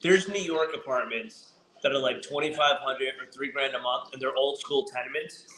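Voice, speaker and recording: A man's voice: medium pitch, normal speed, sharp tone. A man hosting a casual podcast, laughing a lot and swearing as he chats. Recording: echoey room.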